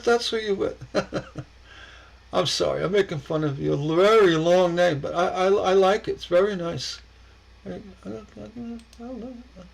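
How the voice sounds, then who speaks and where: A man hosts a relaxed livestream, reacting to viewers with a rambling, chuckling delivery. His voice sits high and has a gravelly edge. He speaks at an easy, slow pace and often stammers over repeated words. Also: a little hiss or hum, low-quality recording. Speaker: stained glass livestream host. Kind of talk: casual livestream chat.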